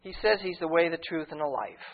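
A man's voice: a little high, fairly quick, gravelly. A man preaching a sermon with fervor, retelling a conversation and quoting scripture at length. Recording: tinny phone-like radio broadcast.

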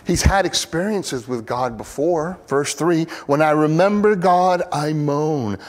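A man preaching an earnest, expressive sermon, acting out the pleas he quotes. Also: a little high, measured pace, big-room sound. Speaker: pastor.

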